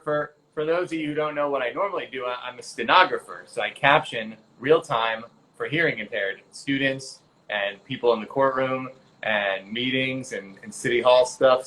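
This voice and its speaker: A man's voice: medium pitch, fairly bright tone, slight background noise, rough recording. A man hosting a casual live-stream chat from home, joking and reading out viewer questions. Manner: chatty, jokey, reads out viewer questions. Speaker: host of a live-stream interview. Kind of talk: casual video-call chat. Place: home, during lockdown.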